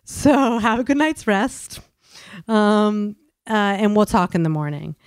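A blunt, matter-of-fact lawyer ticks off his advice point by point, as a woman storyteller quotes him. The voice is clear and smooth, lifted a little above her usual talk, and recorded close and dry. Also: medium pitch, takes it slowly, dry recording. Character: brisk, blunt male lawyer giving advice.

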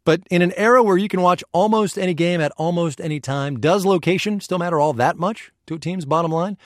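Male radio news host, wry, joking, somewhat high voice, dry sound. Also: no echo. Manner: wry, quick-witted banter. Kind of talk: scripted news hosting and conversational interview.

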